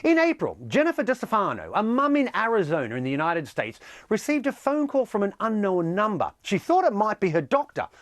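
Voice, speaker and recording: Lively male news presenter. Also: sits high, brisk, few pauses, no echo. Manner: lively, emphatic delivery. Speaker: news show host.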